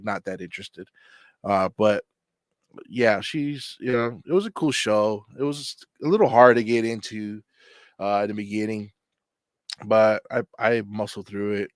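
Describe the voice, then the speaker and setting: A man's voice: lowish voice, no echo. A man hosting his own channel, talking in a loose, rambling, conversational way to people joining a live chat. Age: adult. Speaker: channel host. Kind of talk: casual livestream chat.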